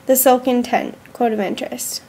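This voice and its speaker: Reading from her school journal, a young woman student speaks earnestly and deliberately, pausing slowly. The voice sits a little high, mellow and slightly rough, with fairly even intonation.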